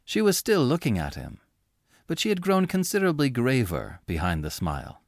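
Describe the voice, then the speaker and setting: Man narrating a story, very lively voice. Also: mid-range voice, normal speed, dry recording, studio quality. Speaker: audiobook reader. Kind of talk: scripted narration.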